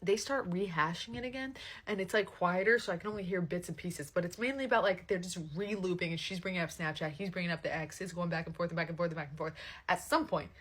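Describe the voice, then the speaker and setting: A young woman telling a casual storytime, animated and swearing freely, full of fillers. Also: fairly low pitch, fast talker.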